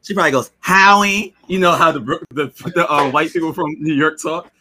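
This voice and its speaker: Bright man joking with friends. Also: fairly high pitch, quick pace, a little hiss or hum. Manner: joking, teasing. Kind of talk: casual chat.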